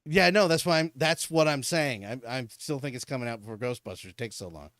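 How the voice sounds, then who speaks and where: A man co-hosts a casual chat podcast, ranting with lots of swearing and enthusiasm. His voice sits at an ordinary mid pitch. The sound is dry and close. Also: brisk, no echo. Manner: excitable, profane ranting with frequent laughs. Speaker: podcast co-host.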